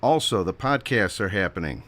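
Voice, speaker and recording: A man with a lowish voice hosts a radio show, chatty, upbeat and loose as he rambles. He sounds a little out of breath, as if he is running between tasks. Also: lively intonation, moderate pace, fairly bright tone. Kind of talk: casual radio hosting.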